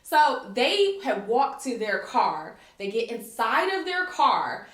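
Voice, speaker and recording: An American woman telling a story in casual conversation, animated and profane, acting out what people said. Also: a little high, slow pace, reverberant. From United States. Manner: animated, profane, acts out dialogue. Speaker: guest, longtime expat.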